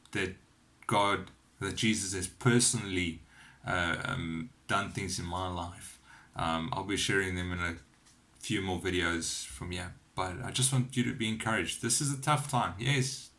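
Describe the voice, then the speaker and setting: A man telling a personal faith testimony to his camera at home, earnest and encouraging, with lively storytelling. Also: low-pitched. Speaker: Christian vlogger sharing testimony. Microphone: camera on a cheap wobbly phone holder.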